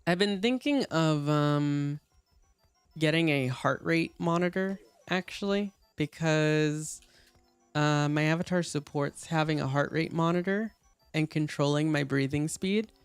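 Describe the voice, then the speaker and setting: A man with a slightly high voice chats loosely while streaming a game. He rambles, stacking fillers between thoughts. Soft music plays quietly behind him. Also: measured pace, smooth, dry recording. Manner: relaxed, rambling, chatty with fillers. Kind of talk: casual gaming stream chat.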